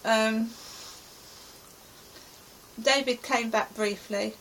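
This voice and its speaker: A middle-aged woman from England recounts her stressful day in an anxious, rambling present tense. Her voice is raspy and gravelly and sits slightly high, with a faint hiss in the background. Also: steady tone, drawn-out words, a bit bright, low-quality recording. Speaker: vlogger. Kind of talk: personal diary account.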